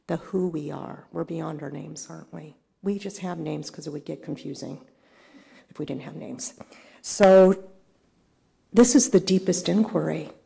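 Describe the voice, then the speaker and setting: Middle-aged woman, spiritual leader, relaxed sermon, warm dark tone with gravel. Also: low voice. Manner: conversational, reflective, asks the congregation questions.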